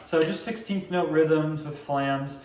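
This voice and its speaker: A man's voice: on the high side, slow, over loud music. A young man casually teaching drumline parts step by step, scatting rhythms as he explains. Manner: relaxed, explains step by step, scats drum rhythms. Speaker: drumline instructor. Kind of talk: casual instructional tutorial. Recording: echoey room, mic at a distance, loud noise.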